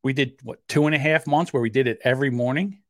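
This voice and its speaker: A man's voice: dry recording, clean studio sound. A man with a South Jersey accent co-hosting a casual podcast, getting defensive and worked up as he argues his point. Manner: defensive, heated, quick to rise in pitch; admits a short temper. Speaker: podcast co-host. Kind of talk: casual argumentative podcast banter.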